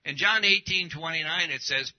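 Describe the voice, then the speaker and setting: A man's voice: a little high, normal speed, dull audio. A man preaching a sermon as pastor, emphatic, with pointed rhetorical questions to the congregation.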